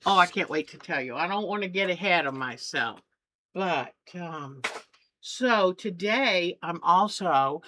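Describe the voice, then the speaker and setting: A woman's voice: fairly low pitch, sharp tone. A woman hosting a craft video, chatting eagerly and often trailing off mid-sentence. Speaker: craft channel host. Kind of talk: casual crafting tutorial.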